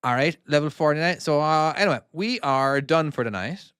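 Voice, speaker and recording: A man's voice: on the high side, normal speed, a bit bright, smooth, dry recording. Chatty Cork Irish man, dry sound. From Ireland (Cork). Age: 40s. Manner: rambling, repeats and restarts words, chatty and self-deprecating. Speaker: indie game developer and streamer. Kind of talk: casual livestream chat while playing and reading comments.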